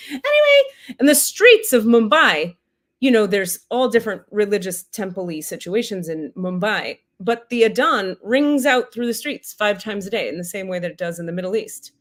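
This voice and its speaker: A woman hosting a comedic spiritual livestream, telling a profane, animated story full of tangents. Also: medium pitch, normal speed.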